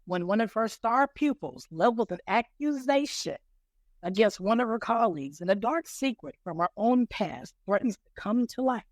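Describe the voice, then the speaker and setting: A man hosting a podcast, pitching movie plots in a playful, teasing way and reading summaries out slowly. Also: lively intonation, dry recording. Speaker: podcast host. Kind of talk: casual podcast chat, mock pitch role-play.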